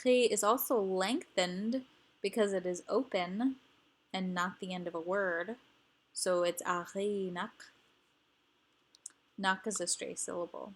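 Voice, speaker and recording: A woman's voice: medium pitch, steady tone, unhurried. A woman teaching grammar rules, explaining patiently and repeating each example word.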